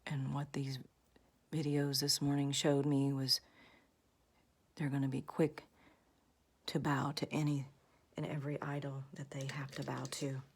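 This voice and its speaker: A woman's voice: extremely low pitch, monotone, measured pace, slightly rough. A woman vlogger in her thirties or forties, earnestly delivering a religious warning, often half-whispering.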